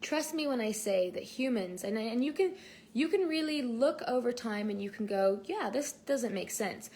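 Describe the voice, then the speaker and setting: A woman's voice: on the high side, animated, normal speed, a little mellow. A young pregnant woman teaching an online lesson in a chatty, earnest way, with many fillers and restarts, on a built-in mic. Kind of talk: casual talk-to-camera lesson. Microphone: built-in mic, no headphones.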